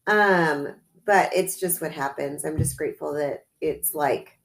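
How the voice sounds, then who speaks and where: A woman's voice: low voice, unhurried, gravelly. A woman co-hosting a casual podcast, chatty and full of "like" and "um" fillers. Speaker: podcast co-host. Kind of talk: casual chat.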